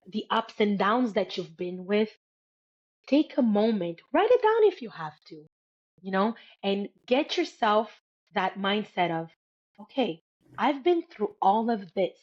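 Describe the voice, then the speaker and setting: Woman interview guest, earnest emphatic delivery, muffled lo-fi audio. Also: mid-range voice. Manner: earnest, emphatic, repeats key words. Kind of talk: motivational interview talk.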